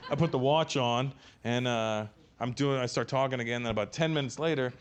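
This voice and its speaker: A middle-aged male stand-up comedian telling an animated, profane story on stage and acting out the other people in it. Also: medium pitch, fairly quick, smooth.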